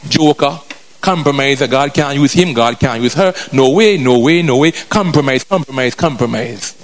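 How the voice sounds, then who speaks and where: Brief: a preacher doing the devil, low, muttering, accusing, sinking to a hush. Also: male voice, animated, moderate pace, lightly acted.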